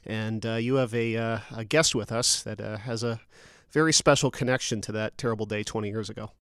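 A man opens the show with a solemn, hesitant introduction of a guest. His voice is smooth and mid-pitched, and the sound is dry. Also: steady tone, a little fast, fairly bright tone, dry recording. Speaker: co-host.

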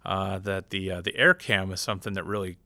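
Casting: male host, low and bright, easygoing with guests, dry sound. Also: fairly even intonation, brisk, no room sound. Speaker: interview host. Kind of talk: casual interview.

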